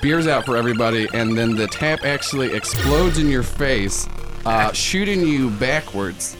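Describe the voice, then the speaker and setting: A man's voice: mid-range voice, lively intonation, normal speed, music in the background. A man narrating as game master of a tabletop game, rambling with lots of fillers and laughing.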